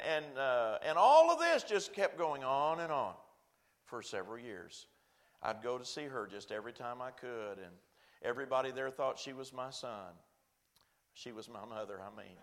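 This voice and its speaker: A man's voice: mid-range voice, fairly bright tone. Folksy man telling a sermon story. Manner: folksy, self-deprecating storyteller acting out quoted voices. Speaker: pastor.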